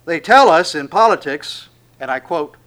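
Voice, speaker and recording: Man, preacher, sermon, fairly high voice, booming then hushed, acts out quotes. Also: expressive, moderate pace. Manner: dramatic swings between loud proclamation and hushed asides.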